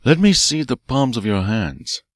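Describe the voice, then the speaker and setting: A man's voice: mid-range voice, big pitch swings, measured pace, no room sound, studio quality, pitched above the performer's own voice. A man reading an audiobook, voicing a bold, cool-headed detective professor who talks in a commanding way. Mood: calm.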